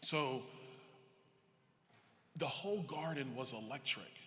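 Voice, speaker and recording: A man giving a political convention speech, telling stories to a live audience with animated energy, acting out the dialogue. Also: mid-range voice, slow. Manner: animated, acts out quoted dialogue. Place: large convention hall. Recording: reverberant hall with faint crowd ambience.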